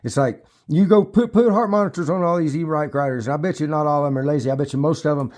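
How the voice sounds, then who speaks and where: A man's voice: on the high side, quick pace, darkish tone. Middle-aged male e-biker, loose and foul-mouthed, rambles and stumbles over his words. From United States. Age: 50s. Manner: profane, rambling, restarts often. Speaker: e-bike vlogger. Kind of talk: casual rambling talk to camera. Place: at home near his bikes.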